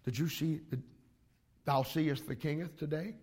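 A man putting on a smooth, scheming prince. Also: a little high, fairly even intonation, moderate pace. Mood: wheedling. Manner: soft, ingratiating and sympathetic.

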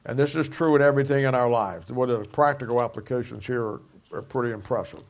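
This middle-aged man's Bible sermon is fast and emphatic, with key phrases said again and moments where he drops his volume. His pitch is medium.

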